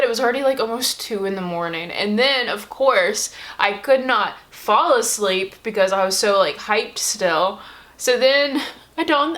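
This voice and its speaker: A woman's voice: mid-range voice, a bit bright, a little hiss or hum. Chatty young woman rambling at home. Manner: chatty, rambling, lots of fillers. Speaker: beauty vlogger. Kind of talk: casual get-ready-with-me chat. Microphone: camera-mounted shotgun mic.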